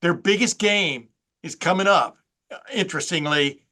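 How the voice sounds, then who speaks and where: A man's voice: high-pitched, unhurried, pushed and bright. An older man hosting a casual football talk, folksy and rambling, sometimes stammering over his questions. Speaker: sports reporter host.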